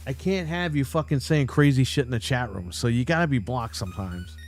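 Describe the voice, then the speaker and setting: Man, livestream host, heated profane rant, mid-pitched voice, faint background music. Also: expressive, fairly quick. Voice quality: profane, blunt. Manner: heated, ranting, mocking. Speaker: podcast host.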